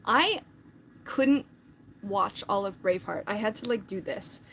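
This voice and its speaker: A woman's voice: medium pitch, unhurried, a bit bright, slightly rough. A woman chatting casually on a live stream, rambling with lots of filler words.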